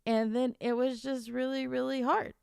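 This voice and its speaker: A woman streamer talks in a high, smooth, clear voice, emotional and close to tears. She rambles and restarts her sentences while chatting to her viewers. The sound is dry and close. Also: flat delivery, moderate pace, darkish tone, no room sound. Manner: emotional, tearful, giddy rambling; stammering restarts. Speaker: author and streamer. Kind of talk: casual livestream chat.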